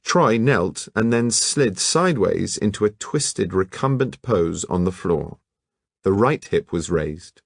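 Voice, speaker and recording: A man narrating a novel as an audiobook in measured, even storytelling. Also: deep voice, no echo, clean studio sound.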